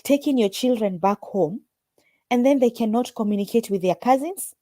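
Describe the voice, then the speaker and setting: A woman's voice: on the high side, moderate pace, dry recording. A woman hosting a casual group call, talking emphatically and telling stories with lots of feeling. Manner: emphatic, animated storytelling.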